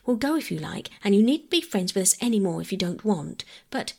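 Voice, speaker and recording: A woman voicing an earnest, anxious young girl who pleads eagerly, in a husky, gravelly voice. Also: mid-range voice, big pitch swings, a little fast, darkish tone. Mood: desperate. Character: earnest anxious eldest girl, about twelve.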